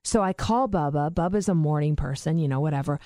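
A woman in casual chat telling a family story with lively energy. She swears freely and acts out her relatives' voices. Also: low-pitched, brisk, no room sound, studio quality.

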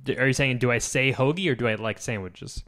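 A man's voice: medium pitch, fairly quick, a bit bright. A man co-hosting a sports podcast in casual chat, matter-of-fact with teasing, dry humor. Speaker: podcast co-host.

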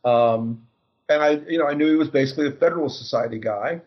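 Man, guest, sardonic, halting false starts, dull lo-fi recording. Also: medium pitch. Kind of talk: casual political discussion. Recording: dull lo-fi sound.

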